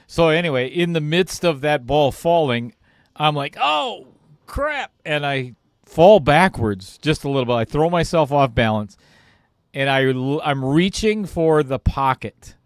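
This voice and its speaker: Male pool commentator, casual self-mocking storyteller, drawn-out delivery. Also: fairly high pitch, clear, resonant tone, no room sound, clean studio sound. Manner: self-deprecating storyteller who laughs at himself. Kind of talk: casual anecdote told on air.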